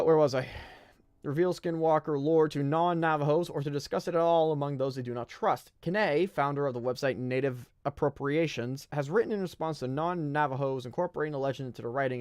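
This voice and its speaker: A man's voice: fairly high pitch, dry recording. A young man from the United States hosting a casual live-stream podcast, reading aloud, stumbling over words and joking in side remarks. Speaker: podcast host.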